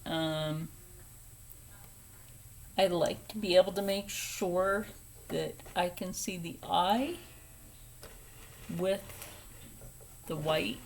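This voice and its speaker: A woman hosting a casual step-by-step sewing tutorial, chatty and playful, dropping into soft whispered asides as she works at a home sewing table. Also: fairly low pitch, very slow, gravelly, pauses often, slight background noise. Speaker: sewing channel host.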